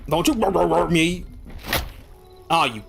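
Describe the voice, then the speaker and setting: A fairly high-voiced man talks through a game live, cursing and ordering monsters off. His tone swings between loud exasperation and dry joking muttered to himself. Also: expressive, slow, music in the background. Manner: exasperated, swears a lot, yells at game monsters. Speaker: streamer playing a game. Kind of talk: live gameplay commentary.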